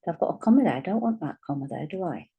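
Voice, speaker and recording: A woman teaching a writing lesson, speaking patiently and dictating words slowly as she writes them out. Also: sits low, expressive, creaky, phone-quality sound, slight background noise. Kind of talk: dyslexia writing lesson, thinking aloud while writing.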